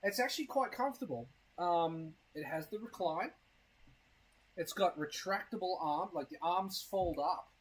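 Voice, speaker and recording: A man's voice: high-pitched, lively intonation, moderate pace, slight background noise, poor audio. A man chatting casually on a live stream, rambling and crude, with a self-mocking tone and a case of hiccups. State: has hiccups.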